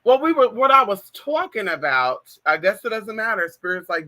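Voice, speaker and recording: Speaking at a normal speed in a mid-range, very animated voice with a bright, forceful tone, this livestream host dishes gossip to her viewers. She's a Californian trans woman in her thirties using a plug-in mic, tossing in plenty of "girl" and "y'all" asides.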